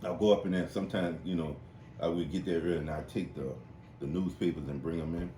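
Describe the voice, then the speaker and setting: Telling stories at a quick pace, a podcast host keeps things animated, profane and casual, slipping into high-pitched voices for the people he describes. The room echoes and carries faint noise.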